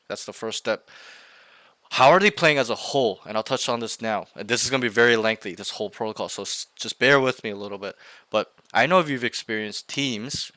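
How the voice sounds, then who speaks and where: A man's voice: on the low side, brisk, bright, forceful tone, dry recording. A young man coaching a student over voice chat, rambling and emphatic, swearing casually as he acts out in-game callouts.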